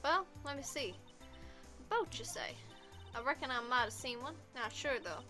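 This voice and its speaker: A woman's voice: sits high, big pitch swings, normal speed, faint music behind, full character voice. A woman reading a brash, folksy female photographer in a put-on American Southern drawl. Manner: folksy, loud, boastful.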